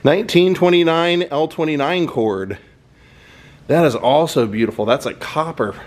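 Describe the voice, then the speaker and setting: A man's voice: on the high side, moderate pace. A man giving a casual, admiring walking tour of a car museum, thinking aloud as he goes. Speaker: vlogger touring a car museum.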